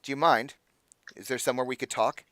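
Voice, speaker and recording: A man's voice: medium pitch, fairly even intonation, fairly quick, a bit bright, slight background noise, close to an everyday voice. A man voicing a curt, formal female guard lieutenant in a tabletop game.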